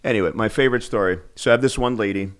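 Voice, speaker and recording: A man's voice: fairly low pitch, very fast. A man, a spine surgeon, telling patient stories in an interview, restarting often. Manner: animated, acts out patients' voices, restarts often. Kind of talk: storytelling in a podcast interview.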